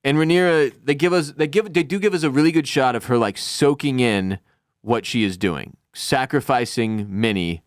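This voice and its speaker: Man, podcast co-host, animated retelling, quick character impressions, dry close sound. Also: mid-range voice, no room sound. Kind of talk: casual TV recap chat.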